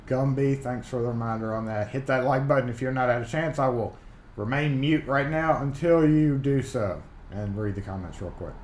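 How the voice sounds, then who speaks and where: Man, Southern accent, live-stream host, casual rambling chat, mid pitch, roomy echo. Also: moderate pace, darkish tone, slight background noise. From Mississippi, USA. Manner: chatty, rambling, reads chat comments aloud. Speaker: livestream host. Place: home workshop.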